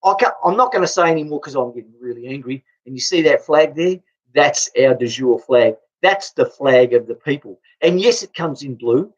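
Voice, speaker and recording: A man's voice: mid-range voice, lively intonation, normal speed. Angry Australian man ranting, lo-fi. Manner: blunt, swearing, stumbling restarts. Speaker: political vlogger. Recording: dull lo-fi recording.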